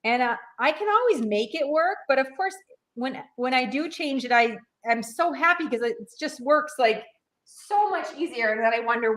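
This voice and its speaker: A woman's voice: high-pitched, lively intonation, normal speed, a bit bright. A woman giving a live sewing and craft demonstration, chatting through each step with lots of fillers.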